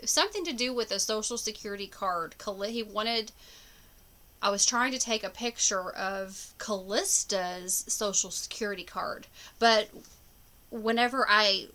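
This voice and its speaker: A woman's voice: mid-range voice, unhurried, sharp tone. A woman talking casually to camera about her dreams, rambling with many fillers and restarts. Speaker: spiritual vlogger. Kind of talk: casual personal monologue.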